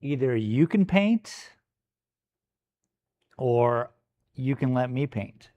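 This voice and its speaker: Slow, playful man painting on a live stream. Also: mid-range voice, expressive, mellow, muffled recording. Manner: playful, chatty, teases and talks to his puppy. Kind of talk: casual live-stream chat while painting. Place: art gallery studio.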